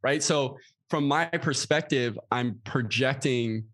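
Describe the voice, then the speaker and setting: A man's voice: mid-range voice, slow pace, a bit bright. A man talking as a podcast guest in a casual interview, earnest and reflective, now and then acting out his own inner voice with sudden exclamations. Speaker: podcast guest, yoga teacher.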